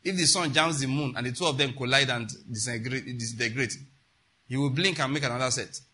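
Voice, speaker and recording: A man's voice: medium pitch, quick pace, bright, forceful tone, slightly rough. A man preaching a sermon with emphasis, often stopping to ask his congregation questions.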